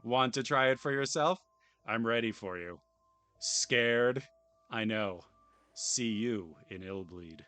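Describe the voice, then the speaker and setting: A man's voice: medium pitch, slow pace, bright, forceful tone, clear, resonant tone, faint music behind. A man putting on a boastful, theatrical voice to read out a gloating rich male horror park owner from a game. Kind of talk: dramatic reading of game text.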